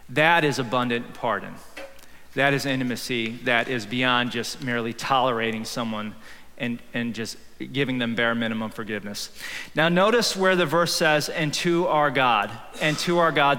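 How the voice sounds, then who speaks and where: Man, pastor, casual humorous sermon, bright forceful voice, long church reverb. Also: medium pitch. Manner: humorous, conversational preaching with bursts of shouting. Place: church sanctuary. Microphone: handheld or headset microphone. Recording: live hall reverb.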